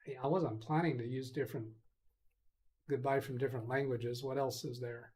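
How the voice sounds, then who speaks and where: A man's voice: medium pitch, fairly even intonation, normal speed, dark tone. A man hosting a casual live stream, rambling as he reads chat messages aloud and answers them. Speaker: host of a live tech stream.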